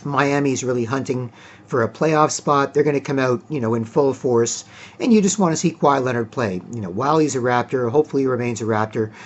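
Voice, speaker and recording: A man giving casual solo sports commentary, rambling with frequent fillers and clearing his throat often. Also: mid-range voice, brisk, highs cut off, a little hiss or hum.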